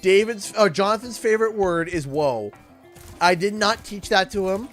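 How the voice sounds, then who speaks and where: A man's voice: high-pitched, moderate pace, a bit bright, soft background music. Canadian guy chatting on stream. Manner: rambling, stumbling over his words. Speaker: streamer and host. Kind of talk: casual live-stream chat.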